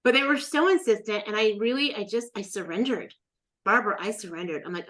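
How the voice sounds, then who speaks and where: Speaking briskly in a mid-range voice, a middle-aged woman recounts a personal story as an interview guest in a relaxed setting. She tells it with animation, performing the quoted voices of the people involved.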